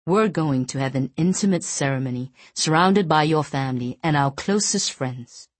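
A woman reading an audiobook voices a calm young man reassuring his fiancée, soft and unhurried. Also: low-pitched, dry recording.

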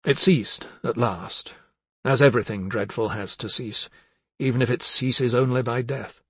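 A man's voice: mid-range voice, measured pace, breathy edge, dry recording. A man narrating a literary novel as an audiobook, with intense, dramatic delivery.

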